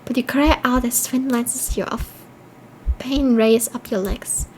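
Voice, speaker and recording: A woman with a high voice plays through a horror game on stream. She reads the game's text aloud and breaks off to react, swearing and laughing. A faint hiss of noise sits behind her voice. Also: a little slow, poor audio.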